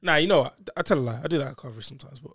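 A man's voice: medium pitch, racing, fairly bright tone, slightly rough, no echo, studio quality. A man telling a story in casual chat, full of slang and swearing and acting out what other people said.

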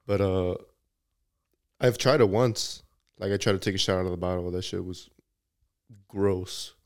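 A man's voice: low-pitched, measured pace. A young man, a podcast guest, chatting in a laid-back, slangy way and swearing casually. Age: young adult. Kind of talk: casual chat.

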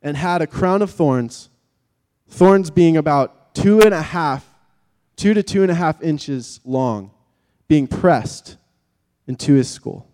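A man preaching a sermon in vivid, dramatic terms, swinging from loud emphasis to hushed tones. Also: on the high side, animated, slow pace, pauses often, long reverb tail.

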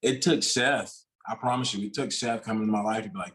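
A man's voice: lowish voice, fairly even intonation, fairly quick, a bit bright. A man talking as a podcast guest in a casual, rambling way, with loose, restarting sentences. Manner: rambling, many fillers and restarts.

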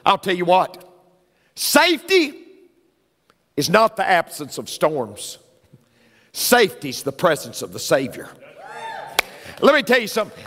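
A middle-aged man preaching a sermon, excitable, swinging between quiet asides and shouted lines. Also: high-pitched, measured pace, pauses often. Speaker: pastor. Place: large church sanctuary. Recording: church hall with long reverb.

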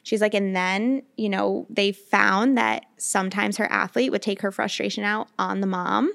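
A woman's voice: medium pitch, fairly even intonation, moderate pace, gravelly, a bit bright. A woman who co-hosts a podcast as a mental performance coach, retelling a conversation in casual chat with lots of "you know"s.

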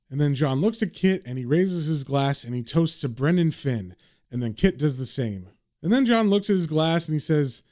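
A man's voice: a little high, lively intonation, normal speed, darkish tone. A man casually reading and retelling a comic book aloud, summarizing the panels between quoted lines.

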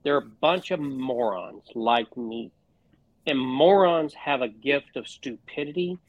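A man's voice: medium pitch, slow pace, no room sound, muffled recording. Profane fired-up man. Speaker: podcast co-host. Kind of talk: casual sports podcast chat.

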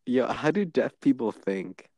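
A man's voice: mid-range voice, lively intonation, unhurried, warm tone, no echo. A young man in casual chat with a friend, argumentative and teasing. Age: young adult.

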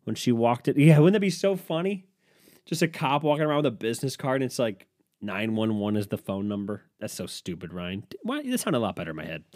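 A man's voice: medium pitch, sing-song, fast, darkish tone, no room sound, studio quality. A man, hosting a solo podcast and ranting sarcastically, swearing often as he reacts to headlines. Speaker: podcast host. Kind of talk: profane solo podcast rant.

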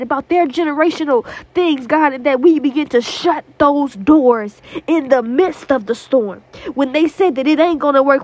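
Woman podcast host, high voice, fervent repetitive prayer, dry close sound from a small prayer closet. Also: no echo. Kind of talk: impassioned spoken prayer and exhortation.

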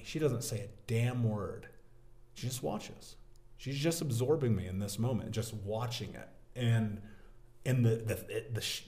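A man in his thirties telling a story from his working life as a guest in a casual interview, animated and talking like a buddy. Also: mid-range voice. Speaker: podcast guest, business owner.

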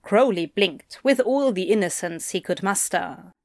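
Female audiobook narrator, slow and measured, wry touch, dead-dry room. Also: medium pitch, animated, dry recording.

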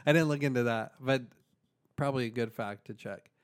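A man's voice: mid-range voice, brisk. Laid-back slangy man chatting. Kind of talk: casual chat.

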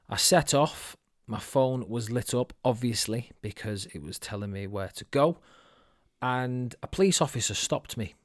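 A man's voice: medium pitch, no room sound, clean studio sound. A man hosting his own podcast, telling a story in a chatty, sweary, self-mocking way. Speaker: podcast host. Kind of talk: casual solo storytelling.

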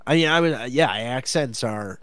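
A man's voice: mid-range voice, lively intonation, moderate pace, a bit bright, no room sound. A man from the Midwest chats casually on a podcast and teases his co-host. His voice is recorded close and dry, with no room sound around it. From American Midwest. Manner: dry, teasing, laughs often. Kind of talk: casual chat.

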